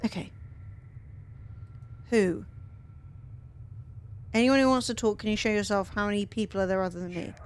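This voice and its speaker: A woman streaming a video game live, talking excitedly to herself and her chat, often swearing. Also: mid-range voice, moderate pace, long pauses, smooth. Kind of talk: live gaming commentary.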